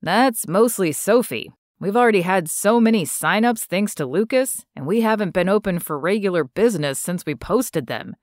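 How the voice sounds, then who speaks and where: A woman's voice: medium pitch, expressive, moderate pace, hardly any pauses, darkish tone, no echo, clean studio sound, close to an everyday voice. A woman voicing a young man who works at a bar, matter-of-fact and explaining things, in an audiobook.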